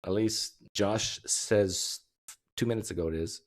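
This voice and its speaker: Deep-voiced man joking on a livestream. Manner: joking, rambling, quick asides. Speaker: livestream host. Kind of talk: casual livestream chat with viewers.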